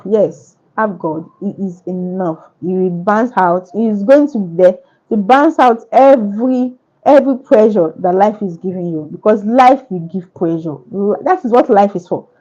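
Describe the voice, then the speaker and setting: A woman's voice: mid-range voice, mellow, dull audio. A woman author answering questions at a book launch, speaking earnestly with repetitive, preacher-like phrasing.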